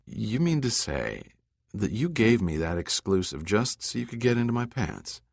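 A man's voice: lowish voice, big pitch swings, normal speed, vocal fry, dry recording, studio quality, full character voice. A man voicing a confident, flirtatious woman journalist in an audiobook, with a teasing, lightly amused delivery. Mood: flirty. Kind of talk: audiobook dialogue reading.

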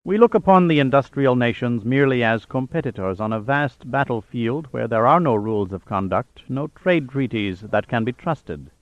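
A man voicing a cold, proud older captive tycoon who speaks quietly and with authority. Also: medium pitch, expressive, moderate pace, hardly any pauses, no room sound, muffled recording, lightly acted. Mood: calm.

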